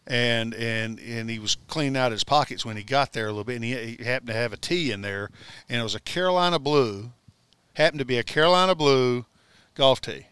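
A man, a former pitcher, telling rambling anecdotes in casual conversation, laughing as he goes. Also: brisk, a bit bright, clean tone, dry recording. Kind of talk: casual storytelling. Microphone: studio mic in radio booth.

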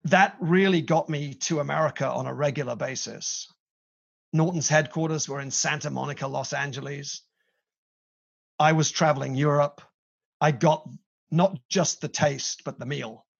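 A middle-aged British man speaks as a podcast guest, his voice set a little high and carrying a gravelly rasp. He tells his story with energy and playful emphasis. The recording sounds dull and lo-fi. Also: a little slow, long pauses. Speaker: guest, company CEO. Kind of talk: podcast interview. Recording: dull lo-fi audio.

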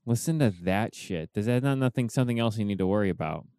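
Dude hosting a stream, smooth clear voice, dry sound, lots of ums. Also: male voice, fairly low pitch, fast talker, dry recording. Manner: relaxed, hesitant, many fillers. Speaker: host. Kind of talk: casual live-stream chat.

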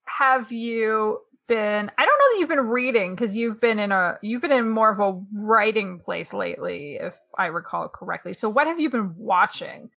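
A woman hosting a podcast, chatting casually with lively enthusiasm and the odd swear. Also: medium pitch, normal speed, vocal fry, hardly any pauses, dull audio. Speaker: podcast host.

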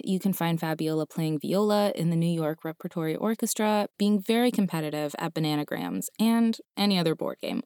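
A woman hosting a podcast, giving a measured, scripted introduction of the next storyteller. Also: medium pitch, a little mellow, smooth, dry recording, studio quality. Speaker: podcast host.

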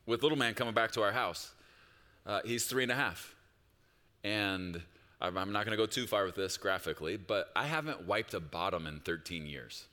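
A pastor delivering a sermon, moving between quiet reflective passages and loud, urgent appeals. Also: male voice, fairly low pitch, lively intonation, normal speed, in a large hall. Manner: swings from hushed reflection to loud, rising exhortation.

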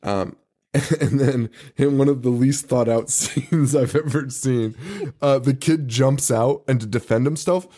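A man's voice: medium pitch, unhurried, dark tone. Laughing, foul-mouthed male podcast co-host. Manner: laughs often, swears, acts out quotes. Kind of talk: casual movie recap chat.

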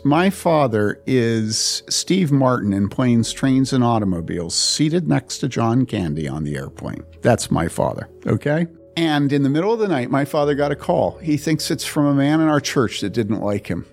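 A man's voice: mid-range voice, sing-song, moderate pace, hardly any pauses, soft background music. A man from the Chicago area, a pastor and podcast host, telling a personal story in an earnest, emphatic way and repeating phrases for stress. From Chicago area, USA.

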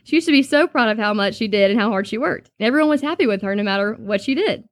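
A young woman giving an earnest personal testimony, talking quickly and trailing off softly at times. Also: mid-range voice, dry recording, clean studio sound. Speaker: speaker sharing a personal testimony.

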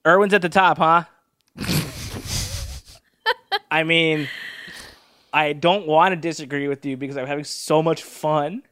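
A man's voice: fairly high pitch, flat delivery, slow pace, long pauses, a bit bright, clean tone, no room sound, clean studio sound. A man joining a podcast as a guest, chatting in a playful, laid-back way. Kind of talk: casual chat.

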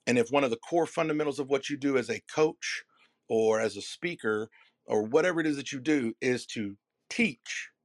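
A man speaking as a keynote speaker and messaging coach, delivering a motivational talk to a live audience in an emphatic, preacher-like cadence with dramatic pauses and repeated phrases. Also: mid-range voice, no room sound.

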